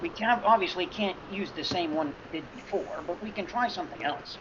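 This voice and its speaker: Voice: mid-range voice, expressive, fairly quick, noisy background. A player in a tabletop game, casual and matter-of-fact, heard over a dull online call.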